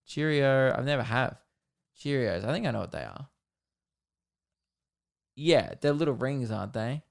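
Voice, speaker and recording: A man's voice: mid-range voice, big pitch swings, unhurried, vocal fry. An Australian man hosting his own podcast in casual solo chat, rambling and joking with lots of fillers. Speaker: podcast host.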